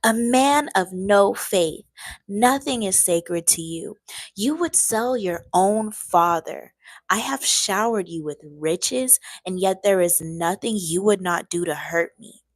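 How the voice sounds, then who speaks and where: A woman reading aloud and voicing a furious male emperor who rants slowly and emphatically. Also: fairly low pitch, no echo. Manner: angry, ranting, slowed and emphatic.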